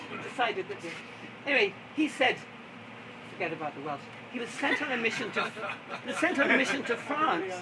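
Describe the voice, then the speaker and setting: High-voiced man telling stories outdoors. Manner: chatty, theatrical, often laughing. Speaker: storyteller. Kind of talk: live storytelling performance. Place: outdoor garden at a live event. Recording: distant, noisy outdoor recording.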